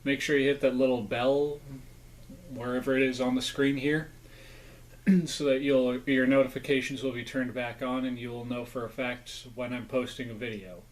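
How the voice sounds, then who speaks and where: A man's voice: mid-range voice, flat delivery, normal speed, rough recording. A man rambling casually through a snack review, sometimes talking with his mouth full. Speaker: food review vlogger. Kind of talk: casual food review vlog.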